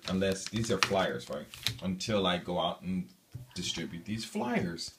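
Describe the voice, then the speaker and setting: A man speaks in a very deep, low register as he tells a personal story to his viewers. He rambles and restarts, filling pauses with "um" and "you know". His delivery is casual and animated. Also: distant mic, a little hiss or hum. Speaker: vlogger telling a personal story.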